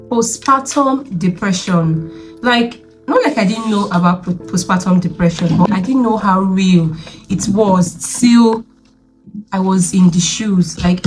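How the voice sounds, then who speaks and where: Young woman vlogger, mid pitch, chatty and emphatic, repeats for effect, faint music bed. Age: young adult. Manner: chatty and emphatic, repeats herself, often asks the viewer "do you understand?". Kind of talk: casual confessional vlog.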